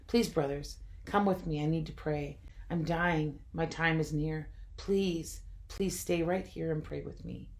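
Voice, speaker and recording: Woman voicing a scared young Jesus, low voice, pleading, devotional story reading. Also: a little slow, creaky. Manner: pleading, rising to anguished anger.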